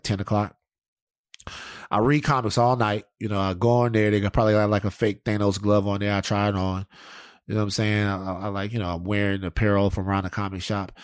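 A man's voice: on the low side, no echo, studio quality. A man hosting a podcast, telling profane stories in casual chat. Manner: animated, profane storytelling. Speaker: podcast host.

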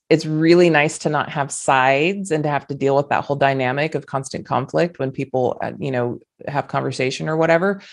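A woman, hosting a podcast and giving an earnest, emphatic motivational monologue with folksy asides. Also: low-pitched. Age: 40s. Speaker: podcast host.

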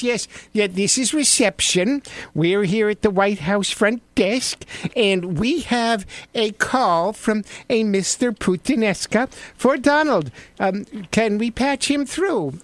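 Man playing a chirpy receptionist, sing-song, very high, overly polite, dry sound. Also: dry recording. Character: chirpy White House front-desk receptionist.

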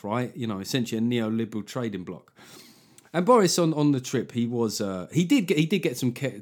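Sarcastic man ranting solo. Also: mid-range voice. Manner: sarcastic, swearing, animated impressions. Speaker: podcast host. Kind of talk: solo comedic political rant.

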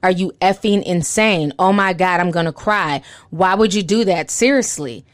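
A woman's voice: on the low side, moderate pace, no room sound, clean studio sound, lightly acted. A woman reading out a distraught young woman's pleading messages in an upset tone.

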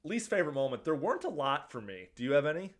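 A man's voice: on the high side, very animated, fast talker. A man co-hosting a podcast in casual chat, chatty, laughing often and swearing casually. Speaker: podcast co-host.

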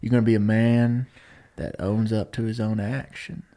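A man doing a hushed, drawling movie-star mentor. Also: lowish voice, level tone, normal speed, close to an everyday voice. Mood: preachy. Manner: soft, preachy advice-giving. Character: laid-back male movie-star mentor, slow-talking and philosophical. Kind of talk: comedy podcast impression.

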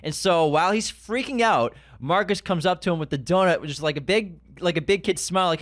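A man co-hosting a casual podcast chat about a TV series. He talks in a fairly high voice, animated, and swears freely. The sound is close and dry with no room. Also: brisk, hardly any pauses, no room sound. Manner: animated, swears, acts out scenes in a raised voice. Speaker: podcast co-host.

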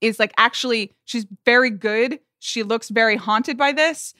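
A woman co-hosting a podcast in casual pop-culture chat, wry and quick with her critiques, close to the microphone. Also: a little high, sharp tone, no room sound. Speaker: podcast co-host.

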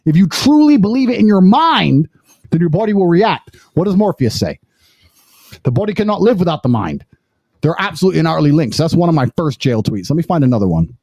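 A man in his thirties hosting a podcast, talking in a forceful, boastful, preaching way. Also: on the high side, sing-song, fast talker, dry recording, muffled recording. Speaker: podcast host. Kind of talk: emphatic podcast monologue.

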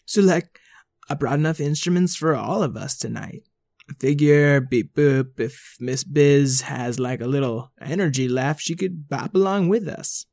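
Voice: medium pitch, unhurried, creaky, darkish tone, no echo, clean studio sound. A performer voicing a laid-back, centuries-old robot babysitter who talks in easygoing slang. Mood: chilled out. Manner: drawling surfer-style slang, says beep boop.

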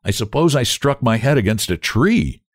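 A man's voice: medium pitch, big pitch swings, normal speed, no echo, clean studio sound. A man voicing a grown brother back from prospecting, telling his tale in a sober, hearty way. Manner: warm, sober storytelling. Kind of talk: audiobook character voice.

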